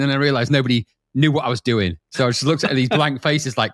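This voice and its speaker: A man's voice: medium pitch, very fast, hardly any pauses, a bit bright, dry recording, studio quality. A middle-aged man hosting a podcast, moving from a scripted intro into a chatty, laugh-filled conversation. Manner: chatty, self-mocking, laughs often. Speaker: podcast host. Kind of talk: scripted intro then casual chat.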